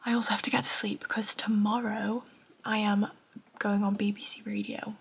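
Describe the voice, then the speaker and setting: A young woman in her twenties with a Northern English accent, chatting casually in a tired, soft, half-whispered voice at home at night. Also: mid-range voice, little pitch movement, moderate pace, vocal fry, breathy edge. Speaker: running vlogger. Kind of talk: casual vlog chat.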